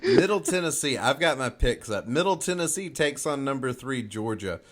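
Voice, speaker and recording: Southern US man, podcast host, upbeat matchup rundown, mid-pitched voice. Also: big pitch swings, normal speed, fairly bright tone. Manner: upbeat, runs through matchups and asks for picks. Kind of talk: casual sports chat.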